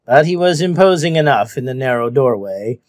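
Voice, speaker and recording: A man's voice: medium pitch, animated, brisk, no echo, studio quality. A man reading a novel aloud as scripted narration, telling the story expressively. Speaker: audiobook reader.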